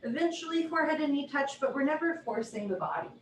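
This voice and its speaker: A woman teaching a live yoga class from home, giving brisk, clipped posture cues with a light, playful touch. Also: high voice, animated. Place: home room. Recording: roomy echo, heard from a distance.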